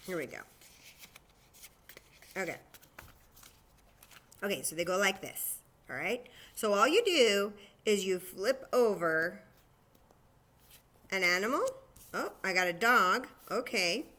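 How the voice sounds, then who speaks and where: A woman leads a children's story time, explaining a simple game to young listeners. Her voice is bright and of middle pitch. She talks slowly and simply, with animated energy.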